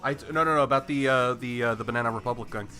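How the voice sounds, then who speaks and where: A man from Texas talks in a loose, rambling way, tripping over his words and starting over as he tells stories. Loud music plays under his voice. His pitch sits in an ordinary middle range. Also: rapid-fire. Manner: rambling, stammering, laughing. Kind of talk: casual chat.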